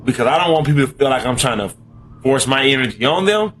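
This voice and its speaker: A man's voice: medium pitch, expressive, fast talker, fairly bright tone, a little hiss or hum. A man in casual podcast chat who speaks earnestly and reflectively in short, punchy phrases.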